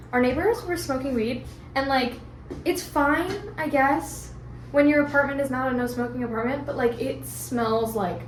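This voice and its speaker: A young woman in her twenties chatting casually to the camera in a vlog, swearing now and then. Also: fairly high pitch. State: out of breath. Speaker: vlogger. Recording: noisy background.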